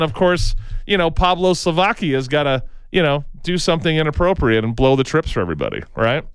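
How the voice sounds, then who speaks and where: Heard with no room sound, a man with a high-pitched, clear, resonant voice co-hosts a talk show. He spins rambling, opinionated stories, ends sentences with "right?", frequently restarts, and does impressions of those he quotes.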